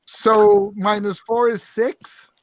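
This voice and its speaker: Chatty laughing game master. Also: male voice, high-pitched, flat delivery, slow pace, no room sound. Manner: chatty, laughs often, restarts sentences. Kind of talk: casual tabletop game chat.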